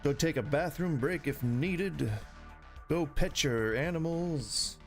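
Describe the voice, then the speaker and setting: A man's voice: fairly high pitch, takes it slowly, soft background music. A man streaming a shooter game, chatting casually and rambling in a jokey, self-interrupting way. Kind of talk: casual gameplay commentary.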